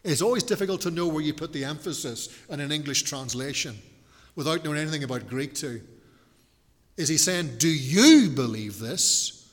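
A man preaching an expository Bible study, slow and deliberate, with rhetorical questions and frequent restarts. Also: a little high, a bit bright, big-room sound.

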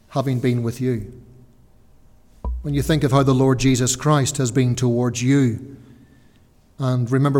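A man preaching a sermon, earnest and slowing down to stress key words. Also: mid-range voice, darkish tone. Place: church. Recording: church hall reverb.

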